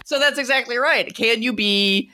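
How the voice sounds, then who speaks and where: A woman co-hosting a relaxed talk show about movies. She talks in an animated way, quotes people in put-on voices and breaks into laughter often. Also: a little high, normal speed. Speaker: podcast co-host. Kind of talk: casual conversation about film.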